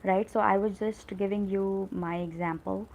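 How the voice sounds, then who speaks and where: A woman's voice: medium pitch, fairly even intonation, moderate pace, vocal fry, darkish tone, rough recording. A woman with an Indian English accent, hosting a live English lesson and talking in a chatty, encouraging way with many fillers. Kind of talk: casual live-stream talk.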